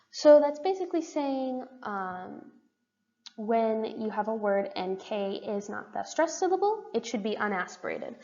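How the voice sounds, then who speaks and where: A woman's voice: a little high, darkish tone. A young woman student giving a class presentation, explaining in a casual way with frequent fillers. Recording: dull roomy recording with long reverb.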